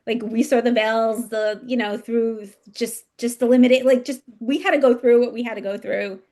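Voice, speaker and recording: Woman podcast host, rambling and enthusiastic, fairly high and gravelly voice. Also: fairly even intonation, moderate pace, mellow. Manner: rambling, filler-heavy, enthusiastic. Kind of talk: casual podcast conversation.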